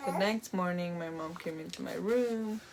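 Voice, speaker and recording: A woman's voice: lowish voice, normal speed, very noisy. A young woman vlogger casually telling a personal story, rambling with lots of "like" and "um". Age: young adult. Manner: rambling, full of "like" and "um".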